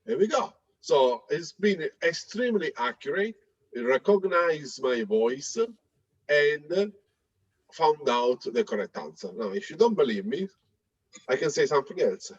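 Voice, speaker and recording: A man presenting a live software demo, talking in a hesitant way with many fillers and restarts. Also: on the high side, very animated, unhurried, breathy edge, no echo, lo-fi sound. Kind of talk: live tech demo talk.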